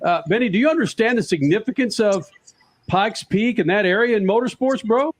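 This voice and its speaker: A man's voice: high-pitched, lively intonation, a little fast. A man hosting a radio talk show, talking with enthusiasm and hyping up his guest. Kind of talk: energetic casual radio talk. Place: radio studio.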